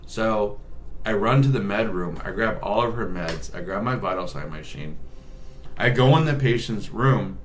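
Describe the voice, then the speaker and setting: A man's voice: lowish voice, animated, normal speed, slight background noise. A man, a nurse, telling a work story in a profane, rambling, casual vlog style.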